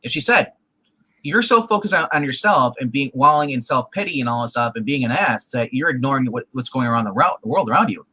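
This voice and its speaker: A man's voice: mid-range voice, lively intonation, quick pace, sharp tone, slightly rough, low-quality recording. A man co-hosting a casual TV review chat, rambling with lots of fillers and restarts. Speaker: co-host reviewing a TV show.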